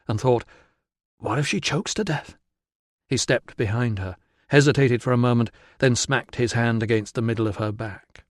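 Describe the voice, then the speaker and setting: A man giving measured, steady audiobook narration. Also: mid-range voice, dry recording, clean studio sound.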